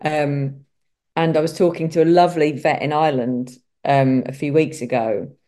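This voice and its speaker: A middle-aged woman with a Kent accent, a vet chatting as an interview guest and telling lively stories. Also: deep voice, normal speed. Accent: Kent English. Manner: chatty storyteller, acts out quoted voices. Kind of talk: casual interview chat.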